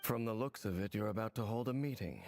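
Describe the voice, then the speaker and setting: A man's voice: fairly low pitch, fast talker, a little mellow, slight background noise, lightly acted. An actor playing a grave, reserved male wanderer in a video game. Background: game music.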